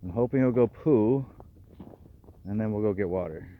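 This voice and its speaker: Dog trainer, male, lowish voice, outdoors, dull lo-fi recording with faint noise. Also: normal speed. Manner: calls out to dogs, explains their behavior. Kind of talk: narrating a dog walk. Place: outdoors on a trail.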